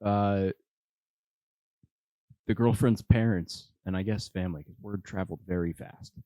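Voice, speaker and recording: A man's voice: sits low, steady tone, a little slow, warm tone, no room sound. A young man co-hosting a comedy podcast, teasing his friend in casual chat. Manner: teasing, playful.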